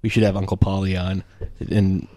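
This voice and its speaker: A man's voice: low-pitched, level tone, moderate pace, dark tone. A young man co-hosting a podcast in casual, joking chat, often slipping into goofy impressions. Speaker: podcast co-host.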